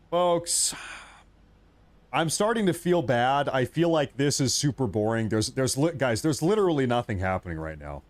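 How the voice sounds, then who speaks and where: A man's voice: medium pitch, expressive, a little slow, long pauses. A man hosting a live stream, talking casually and rambling, often restarting and muttering asides to himself.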